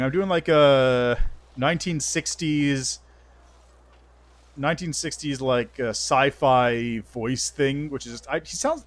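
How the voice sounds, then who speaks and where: A man streaming a game live, making joking, self-mocking asides between dialogue lines. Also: medium pitch. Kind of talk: casual live-stream commentary.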